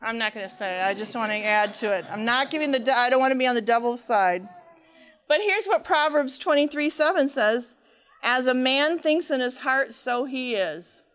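Higher-voiced woman giving a smooth sermon-style talk. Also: expressive, moderate pace, fairly bright tone. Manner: conversational, retelling counseling stories with quoted dialogue; asks the audience rhetorical questions. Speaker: speaker on faith and mental health.

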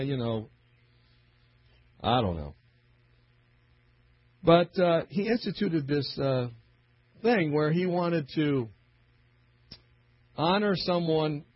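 A man's voice: on the high side, slightly rough, no room sound. A middle-aged man preaching a storytelling sermon, acting out the voices of the people in his stories. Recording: dull lo-fi recording.

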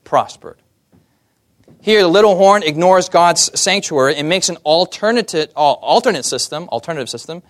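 A man's voice: on the high side, expressive, a little fast, few pauses. A young man preaching a sermon, often putting questions to the audience and asking for amens.

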